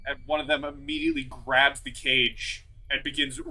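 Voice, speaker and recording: A man's voice: medium pitch, little pitch movement, moderate pace, crowd noise, low-quality recording. A man narrating as game master of a tabletop game, rambling with many fillers.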